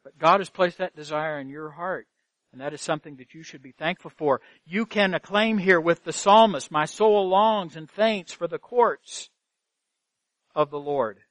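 Male pastor, high voice, dry recording, earnest sermon with rhetorical questions. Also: moderate pace, fairly bright tone, no echo. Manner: earnest preaching, rhetorical questions, repeats phrases for emphasis. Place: church sanctuary.

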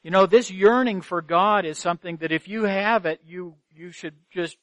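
A man's voice: sits high, normal speed, fairly bright tone, no echo. A man preaching a sermon as pastor, earnest, asking rhetorical questions and repeating phrases for emphasis. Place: church sanctuary.

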